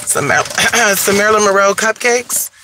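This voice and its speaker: Sitting in his car at a gas station, a man streams a casual chat to his viewers in an expressive, high-pitched, unhurried voice. He's cheeky and foul-mouthed, calls people "honey," and mentions his voice is going, while noisy phone audio picks up cars and traffic.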